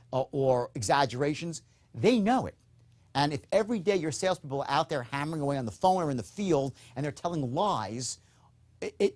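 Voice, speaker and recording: A man teaching a recorded sales course, speaking emphatically and often checking in with a quick "okay?". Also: a little high, darkish tone. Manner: acts out upbeat and dull tones in demonstrations. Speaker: sales trainer.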